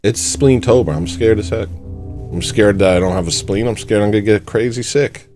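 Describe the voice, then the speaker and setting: A man hosting a comedy livestream, rambling and self-mocking as he swings between mock panic and low mumbles. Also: moderate pace, darkish tone, faint music behind. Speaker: livestream host. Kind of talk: casual comedic livestream chat.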